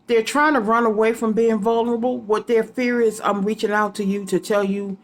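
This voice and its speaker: A woman's voice: on the high side, steady tone, normal speed, a little hiss or hum. A woman giving a casual psychic reading to her viewers, rambling and repeating names and letters aloud as she goes. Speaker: psychic reader.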